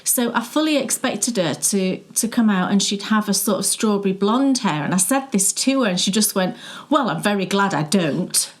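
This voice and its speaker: A woman's voice: mid-range voice, animated, moderate pace, hardly any pauses. A middle-aged woman co-hosting a knitting show, chatting casually and telling stories with frequent laughs. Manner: chatty, storytelling, laughs often. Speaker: podcast co-host.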